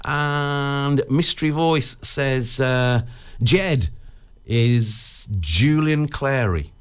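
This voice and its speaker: A man's voice: mid-range voice, very slow, smooth. A man presenting a radio show in casual chat, rambling and joking with studio colleagues. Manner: rambling, jokey, self-interrupting.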